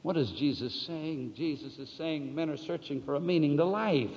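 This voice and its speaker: This is a sermon from a man whose delivery swings from soft and low to loud and drawn out. He throws rhetorical questions at the audience and answers them, and the sound is dull and lo-fi with a long echo from the hall.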